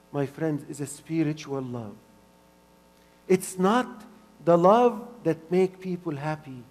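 High-pitched man giving an earnest church sermon with lots of repetition, in a hall with a long reverb. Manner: earnest, repeats phrases for emphasis, swings between soft and loud. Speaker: pastor.

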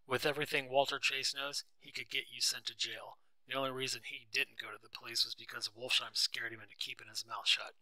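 A man's voice: mid-range voice, flat delivery, brisk, few pauses, sharp tone, no echo, low-quality recording. A man voicing an arrogant, bullying rich husband who snaps out accusations in a storybook reading. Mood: accusing. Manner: snapping, accusing.

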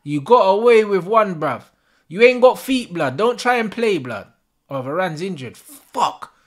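A young man reacts live to a football match, his voice swinging widely up and down as he groans and rants. He swears freely, packs his talk with street slang and yells at the referee. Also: high-pitched, expressive, a little slow. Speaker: football fan streamer. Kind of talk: live watch-along commentary.

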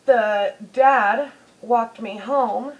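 A woman beauty vlogger tells a personal story in a chatty, unhurried way. Her voice sits fairly high and moves slowly, and she keeps dropping in "you know"s. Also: dull audio. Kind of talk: casual storytelling.

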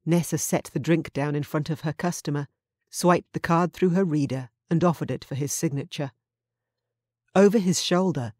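A woman audiobook narrator reading a contemporary romance in an even, measured scripted narration. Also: low voice, no room sound, clean studio sound.

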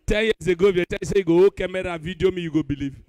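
A young man with a Nigerian Pidgin accent doing live stand-up comedy, animated and bursting into shouts. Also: high voice, racing, no room sound.

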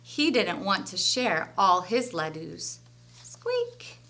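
A woman teacher reading a children's story aloud with an expressive storyteller voice. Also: fairly low pitch, slow pace, vocal fry, slight background noise.

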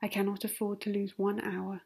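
A woman's voice: medium pitch, monotone, normal speed, gravelly, darkish tone, husky. A woman voicing a reserved, grave middle-aged colonel who speaks formally and with restraint, in a whispered role-play. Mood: restrained.

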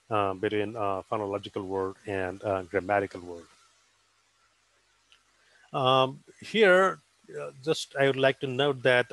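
A man's voice: medium pitch, fairly bright tone, no room sound, poor audio. A man giving an academic conference presentation, explaining carefully with frequent um and uh fillers.

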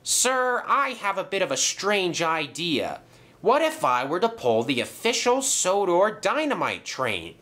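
Man doing a high, excitable steam engine. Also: a little slow, exaggerated voice. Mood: eager. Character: boastful young male steam engine.

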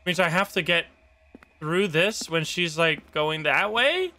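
A man streaming a horror game live, reacting jumpily with excitable, swearing commentary. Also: a little high, takes it slowly, no room sound.

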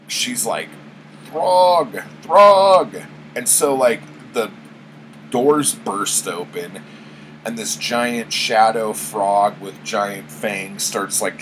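Slow, low-voiced, rambling man. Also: noisy background. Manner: rambling, full of fillers and swearing. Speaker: book vlogger. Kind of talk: casual spoken book recap.

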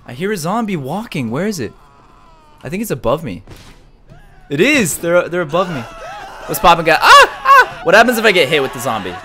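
A young man giving excited live commentary as he streams a game, jumping from mumbling to shouts and laughter. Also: a little high, fairly quick, long pauses, soft background music.

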